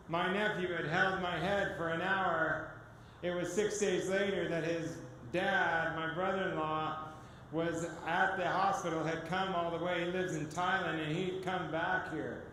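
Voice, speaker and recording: A man speaking as a guest speaker, telling his personal testimony to an audience as an animated storyteller who acts out the dialogue. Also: on the high side, slight background noise. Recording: echoey hall with long reverb.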